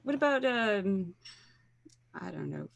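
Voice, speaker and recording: A woman's voice: mid-range voice, expressive, takes it slowly, creaky, lo-fi sound. A woman playing a tabletop game, speaking in character politely and tentatively. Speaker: player.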